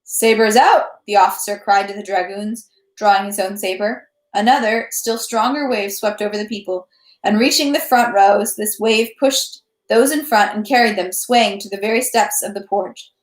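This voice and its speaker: A woman reads a classic novel aloud at home in a steady narrating voice, catching small slips as she goes. Her voice sits at a middle pitch. The room gives it a noticeable echo. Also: normal speed. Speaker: reader. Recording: roomy echo.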